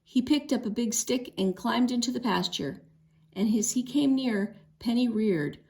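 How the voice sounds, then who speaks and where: A woman reading a children's book chapter aloud, expressive, with a few small slips. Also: fairly high pitch, measured pace, creaky. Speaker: read-aloud narrator. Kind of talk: storybook read-aloud.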